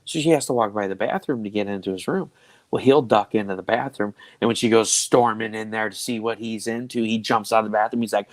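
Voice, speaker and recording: A man's voice: lowish voice, fast, no echo. A man hosting a casual interview, joking and swearing loosely as he tells family prank stories. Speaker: host.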